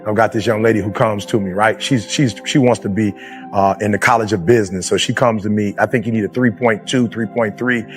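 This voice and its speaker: A man giving a motivational speech in a preacher's style, moving from low, quiet stretches to loud shouted peaks. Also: fairly even intonation, a little fast, faint music behind. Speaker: motivational speaker.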